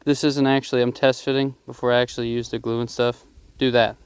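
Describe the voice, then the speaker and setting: A man casually explaining a DIY job as he works outdoors, rough-spoken, swearing freely and joking at his own expense. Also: medium pitch, flat delivery, fast, no echo. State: out of breath at times. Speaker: DIY vlogger. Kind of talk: casual how-to narration while working outdoors. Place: outdoors at a digging site.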